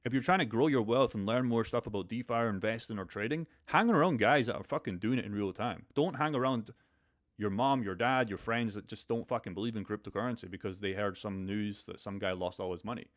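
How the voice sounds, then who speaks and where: A man's voice: on the low side, a little fast. A young man hosting a crypto live stream, talking bluntly and profanely in a motivational way. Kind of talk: casual live stream chat.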